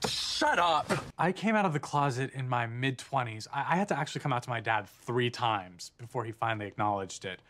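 An actor playing an uptight, sarcastic gay dad in a sitcom, with dry, pointed delivery. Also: male voice, mid-range voice, lively intonation, fairly quick, a bit bright, a little hiss or hum, lightly acted. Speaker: sitcom character. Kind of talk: sitcom acting.

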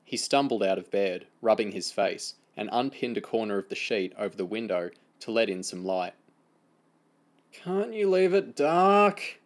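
A man reading a novel aloud in a steady, even narration. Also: lowish voice, normal speed, hardly any pauses. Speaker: audiobook reader.

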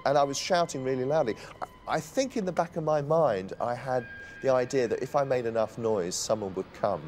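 A man's voice: medium pitch, lively intonation, brisk, a little mellow. A man giving earnest, emphatic documentary testimony as a witness. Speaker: witness interviewee. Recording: faint music under the voice.

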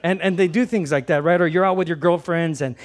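A man preaching a sermon as a pastor, conversational and animated, often repeating words and swinging between loud emphasis and soft asides. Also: fairly high pitch, fast talker.

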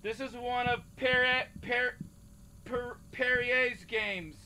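A man's voice: extremely high pitch, bright, forceful tone, a little hiss or hum. A man hosting a game play-through, joking as a mock casting director. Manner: slow, mock-official casting director bit. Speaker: gaming channel host.

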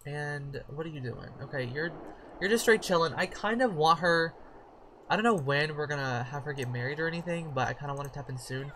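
A woman hosts her own let's-play, rambling at the game in a relaxed, casual way. Her voice has a bright, forceful edge. She curses freely and now and then breaks into excited shrieks. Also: low-pitched, a little fast, a little hiss or hum. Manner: chatty, profane, with sudden shrieks of surprise. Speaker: gaming channel host.

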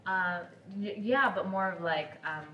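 A woman's voice: mid-range voice, measured pace, pushed and bright, muffled recording, slight background noise. A woman, an actor guest, talking in a hesitant, giggly way in casual banter. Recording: roomy, mic from a distance.

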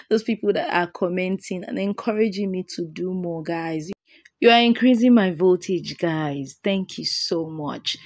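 A woman's voice: on the low side, no echo, clean studio sound. A tired woman, hosting a chatty DIY tutorial and often urging viewers to like and subscribe. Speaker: channel host, DIY formulator. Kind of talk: tutorial voice-over.

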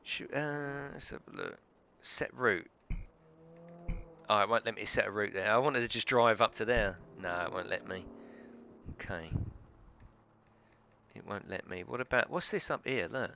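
A man's voice: fairly low pitch, moderate pace, gravelly, long pauses, bright, forceful tone, dull audio. A man streaming a racing game live, chatty and sweary, greeting viewers in chat and laughing often. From United Kingdom. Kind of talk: live gameplay stream commentary. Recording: game sound and noise behind voice. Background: racing game audio.

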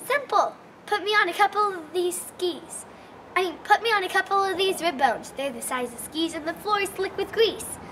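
A woman's voice: extremely high pitch, moderate pace, a bit bright, distant mic, slight background noise, voice pushed up. A woman voicing a sassy, lonesome female jukebox that talks in country song lines. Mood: bossy.

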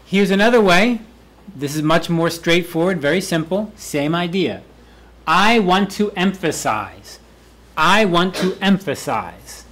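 A fairly high-voiced male professor lecturing a class on presentation skills. He repeats each key word several times, swinging it up and down to show how it should sound. His tone stays playful and energetic. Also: measured pace, a little hiss or hum. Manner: repeats key words aloud for emphasis, lively and playful. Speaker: university English professor. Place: university classroom.

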